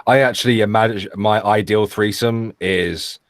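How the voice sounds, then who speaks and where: Deep-voiced man, rambling. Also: steady tone, normal speed, no room sound, studio quality. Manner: rambling, stumbling, chuckles often. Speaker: guest co-host. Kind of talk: casual live-stream chat.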